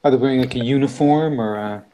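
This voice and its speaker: A man's voice: medium pitch, fast talker, dark tone, a little hiss or hum. A man playing a tabletop game online, jumping eagerly into action.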